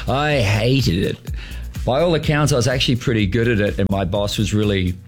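A man casually telling a self-deprecating story from his past, laughing now and then. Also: medium pitch. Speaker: interview guest. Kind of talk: casual anecdote.

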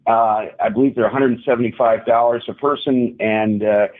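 A man calling in as a guest to a radio interview, upbeat and halting, with lots of restarts. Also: mid-range voice, fairly even intonation. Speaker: club president, guest. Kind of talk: radio interview over the phone. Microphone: phone. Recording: tinny phone line.

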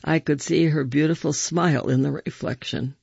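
A man reading first-person stories aloud with measured, expressive storytelling. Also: fairly high pitch, gravelly, slightly rough, no echo, highs cut off.

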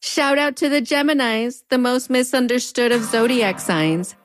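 A woman's voice: on the high side, normal speed, soft background music. A woman with a US-Mexico border accent narrating a video essay in a conversational, wry way. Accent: US-Mexico border Spanish-tinged English. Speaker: host.

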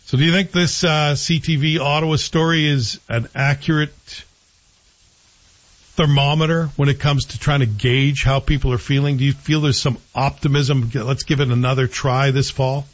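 Chatty talk radio host. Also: male voice, mid-range voice, steady tone, normal speed. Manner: chatty, self-deprecating, joking asides. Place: radio studio. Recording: dull radio broadcast.

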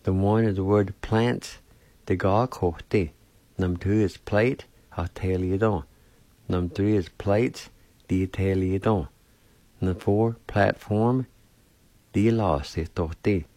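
A man leads a language lesson on the radio, reading out spellings and pronunciations one careful step at a time. His voice is deep and warm, and he sets an unhurried pace. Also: steady tone, no echo. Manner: slow, careful spelling and pronouncing of words. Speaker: language teacher and radio host.

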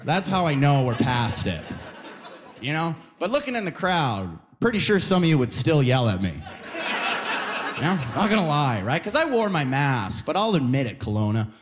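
A man from Alberta doing stand-up, rambling and leaning on "you know" constantly. His voice sits a little high and leaps all over the place. It sounds like a stage mic in front of a comedy club audience. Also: big pitch swings, normal speed. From Alberta, Canada. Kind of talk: stand-up set.

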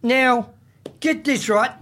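High-pitched Australian man telling a rambling story. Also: slow, fairly bright tone. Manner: rambling storyteller, repeats himself. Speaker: host. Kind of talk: casual chat.

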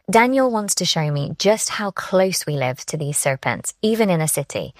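A woman's voice: low voice, no room sound, clean studio sound. A woman correspondent narrating her radio report in a wry, first-person style. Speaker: foreign correspondent.

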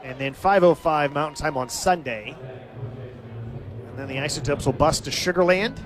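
A man calling live baseball play-by-play as the team's announcer, giving steady, stat-heavy recaps of the game. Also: fairly high pitch, normal speed, a crowd in the background.

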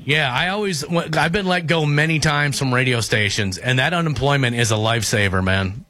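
A man's voice: medium pitch, brisk, pushed and bright. A man hosting a casual morning radio show, chatting and chuckling with a caller on the phone in a teasing, chatty way. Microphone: studio microphone.

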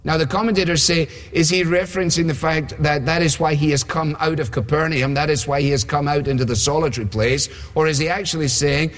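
A man's voice: a little high, fairly even intonation, fairly quick, few pauses. A male preacher giving a sermon in a conversational way, often asking his listeners rhetorical questions. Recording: long hall reverb.

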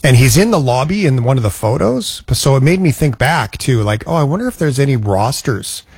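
Male podcast co-host, chatty, slightly husky voice. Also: mid-range voice, lively intonation, a little fast, darkish tone, no echo. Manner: enthusiastic, chatty. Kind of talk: casual chat.

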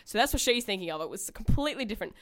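A woman's voice: medium pitch, lively intonation, racing, a bit bright. A young woman co-hosting a radio show, telling a rambling, candid story and swearing freely. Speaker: radio co-host. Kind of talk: casual radio chat.

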